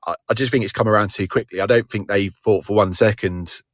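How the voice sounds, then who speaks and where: A man's voice: fairly low pitch, steady tone, a little fast, no echo, clean studio sound. A young man chatting casually as a podcast co-host, rambling and self-deprecating with many restarts. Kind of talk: casual chat.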